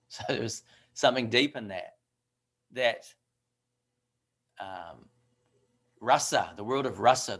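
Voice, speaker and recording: A man teaching a devotional scripture class in a relaxed, talkative way. His voice sits low and has a gravelly grain. He drifts into fillers and asides as he explains. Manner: conversational, with fillers and asides like "right?".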